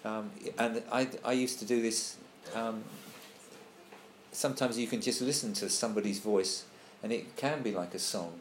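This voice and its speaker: A man's voice: fairly low pitch, moderate pace. A man leading a casual group discussion, thinking aloud and reading passages out to the group. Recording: echoey room, faint background noise.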